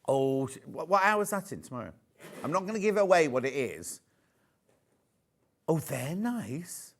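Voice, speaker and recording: A man's voice: on the high side, very animated, fairly quick, fairly bright tone. A man presenting a live shopping channel show from a studio, chatty and jokey, selling fabrics and reading out viewer messages. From United Kingdom.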